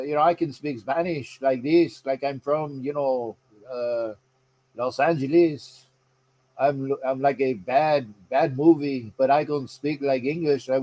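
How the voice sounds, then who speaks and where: A rambling man hosting a live sports stream in a loose, chatty way. His voice sits a little on the high side, and he keeps breaking off to greet viewers and restart his sentences. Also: darkish tone. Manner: rambling, chatty, reads viewer comments aloud; frequent fillers and restarts. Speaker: sports show host. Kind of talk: casual live-stream chat.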